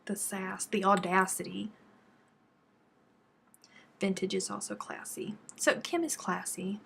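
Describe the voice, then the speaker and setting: Gravelly chatty woman. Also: medium pitch, little pitch movement, takes it slowly, a bit bright. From Texas. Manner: chatty, reads out and answers viewer comments. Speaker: crochet live stream host. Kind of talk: casual live-stream chat while crafting.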